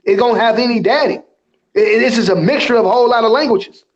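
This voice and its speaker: A man's voice: very high-pitched, quick pace, muffled recording. A man in a casual chat who stumbles and repeats words as he starts his point.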